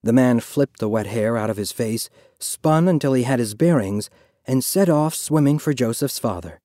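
A male audiobook narrator with a mellow, dark voice, reading at a measured pace. He sinks low and quiet in the somber stretches. The recording is dry and close. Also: expressive, no echo.

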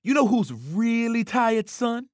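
A reader voicing a loud, excitable male track coach who yelps and howls in a storybook reading. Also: mid-range voice, dry recording, clean studio sound, pitched above the performer's own voice. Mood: mocking. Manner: yelping, howling, drawn-out shouts.

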